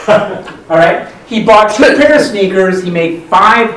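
A man's voice: sits high, lively intonation, unhurried, slight background noise. A middle-aged man on a conference panel telling a rambling story, full of restarts and quoted dialogue. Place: conference hall. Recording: echoey hall, distant mic.

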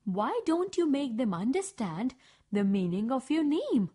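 A woman voicing a kind female teacher who speaks softly and calmly to a pupil. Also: sits high, measured pace, slightly rough, exaggerated voice. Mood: gentle. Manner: soft, calm, reassuring. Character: kind, calm female schoolteacher, gently encouraging.

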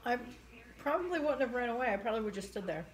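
A woman with a fairly high voice co-hosting a casual livestream. She giggles often and squeals her quoted lines high. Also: lively intonation, fast. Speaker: livestream co-host. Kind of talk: casual chat with viewers.

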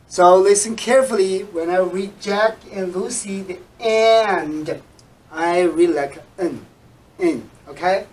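A man teaching English to Chinese speakers, repeating example sentences slowly and switching between English and Chinese. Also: high voice, fairly bright tone, far from the mic, poor audio. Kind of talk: bilingual language lesson.

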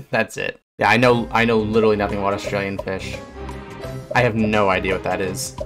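A man's voice: fairly low pitch, moderate pace, a bit bright, faint music behind. A man, a fish biologist streamer, giving casual reaction commentary, blunt and swearing, bursting into surprised questions.

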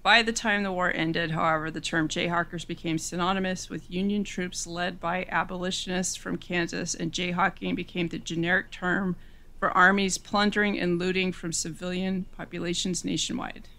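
A woman's voice: on the low side, little pitch movement, pushed and bright. A woman co-hosting a podcast, reacting wryly and reading looked-up facts aloud. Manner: reads search results aloud, quick wry reactions. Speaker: podcast co-host. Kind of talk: casual podcast chat.

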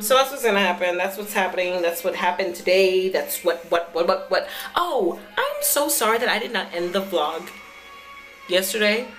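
A woman's voice: medium pitch, fairly bright tone. A young woman in college chatting casually to her camera from her bedroom, giggly and full of fillers. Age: young adult. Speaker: college vlogger. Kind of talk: casual vlog chat.

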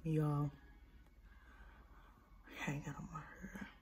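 A woman's voice: sits low, flat delivery, slow pace, dark tone. A young woman chatting casually in a vlog, talking through a sore mouth from new braces and dropping at times into whispers. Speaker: vlogger. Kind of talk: casual vlog chat to camera.

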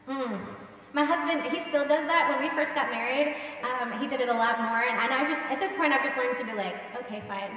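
A woman pastor giving a casual, animated sermon and acting out the voices she quotes. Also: high voice, brisk. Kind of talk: conversational sermon. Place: large church sanctuary. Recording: echoey church hall, distant mic.

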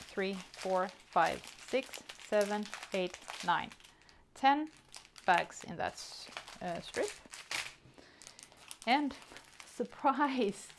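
A woman hosting a casual unboxing vlog, chatty and excitable, counting items aloud as she goes. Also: mid-range voice, slight background noise. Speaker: hobby vlogger.

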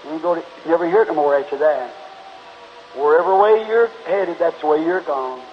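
A man's voice: on the high side, steady tone, fast talker. A man preaching an altar call and closing in prayer, pleading fervently with the congregation at a church meeting. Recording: dull lo-fi 1950s tape, faint hiss.

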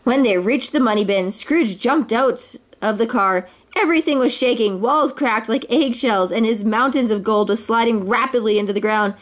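A woman reading a children's story aloud to her kids in an expressive way. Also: on the high side, moderate pace, hardly any pauses.

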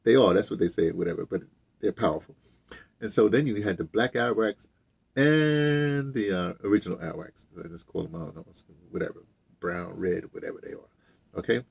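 A man with a very low voice tells a loose, wandering story. His voice is gravelly and husky. He digresses often and circles back to his point. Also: brisk, a little mellow. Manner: loose, digressive, heavy on fillers and restarts. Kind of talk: casual rambling storytelling.

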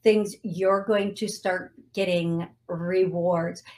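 A woman's voice: fairly low pitch, fairly even intonation, darkish tone. A middle-aged woman hosting a psychic call-in show, giving readings and leading a guided healing in an emotional, affirming way. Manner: slow, emotional, affirming, repetitive phrasing. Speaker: psychic medium radio host.

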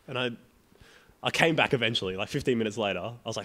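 A man's voice: fairly low pitch, fast, fairly bright tone. Swearing, ranting man. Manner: swears a lot, ranting storyteller. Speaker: podcast co-host. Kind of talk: casual chat.

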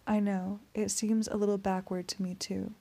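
A woman voicing a suave male vampire in an audiobook, speaking in a soft, courteous, menacing purr. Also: mid-range voice, little pitch movement, moderate pace, gravelly. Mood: silky menace. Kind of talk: audiobook character reading.

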